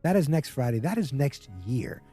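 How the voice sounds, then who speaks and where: A man's voice: mid-range voice, animated, moderate pace, warm tone, slightly rough, soft background music. A man hosting a podcast, casually recapping a TV episode in a chatty, wry way and mimicking the characters' lines. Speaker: podcast host.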